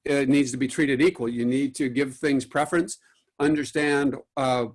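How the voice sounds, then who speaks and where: A man giving a recorded lecture on caring for artworks, at a middle pitch. He tells stories in a rambling way, with many "uh"s and false starts, and acts out the voices of clients on the phone. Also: little pitch movement, normal speed. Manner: storytelling, acts out quotes, many fillers and restarts. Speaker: art conservator giving a lecture.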